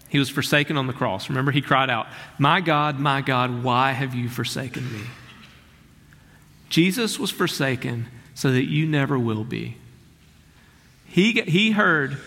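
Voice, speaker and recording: Male pastor preaching, earnest, gets slow and soft on the big lines, long echo like a big church. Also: mid-range voice. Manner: earnest, emphatic preaching with slowed, softened key phrases. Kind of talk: sermon.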